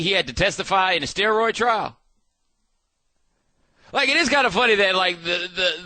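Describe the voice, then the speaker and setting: A man hosting a sports talk show, riffing in a casual, animated way with frequent restarts. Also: a little high, no room sound.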